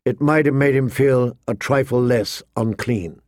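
A man's voice: mid-range voice, measured pace, a little mellow, no echo. Man narrating a story, dry close sound. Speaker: audiobook narrator. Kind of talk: scripted narration.

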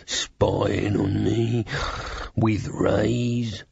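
A man's voice: lowish voice, level tone, extremely slow, vocal fry, a little mellow, husky, muffled recording, exaggerated voice. A man voicing a foul, paranoid old male beggar who mumbles and grumbles.

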